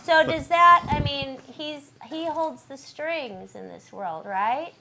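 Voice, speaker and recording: Sitting high and sounding gravelly, this woman's voice comes through over some background noise. She's a voice-over coach running a live audition, chatting and encouraging the actor as she goes, tossing in quick asides and laughter.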